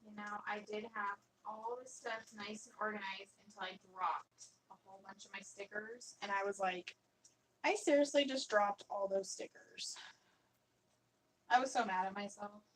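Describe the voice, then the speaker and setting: A woman in her thirties chatting casually through a home craft vlog, telling playful stories with bursts of giggles and sudden high squeals. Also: steady tone, moderate pace, fairly bright tone, a little hiss or hum. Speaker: craft vlogger.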